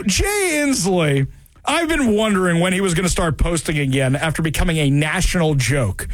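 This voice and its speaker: A man hosting political talk radio, sarcastic and animated, repeating phrases for emphasis. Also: high voice, dry recording.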